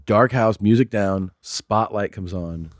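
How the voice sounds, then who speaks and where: A man's voice: lowish voice, slow pace, dry recording, clean studio sound. A man in his forties, co-hosting a podcast, telling a story in casual chat and acting out what people said. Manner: animated storyteller acting out quotes. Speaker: podcast co-host.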